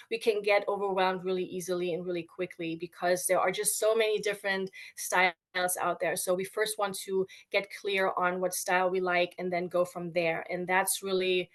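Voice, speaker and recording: A woman who writes children's books, a guest explaining her process in a relaxed way with lots of fillers. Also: mid-range voice. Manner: relaxed, many fillers like "you know". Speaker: children's book author and mentor.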